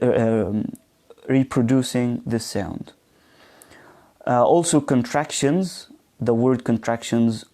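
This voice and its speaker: A man teaching a live online pronunciation class, speaking slowly and hesitantly with many fillers, modeling words and asking students questions. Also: medium pitch, warm tone.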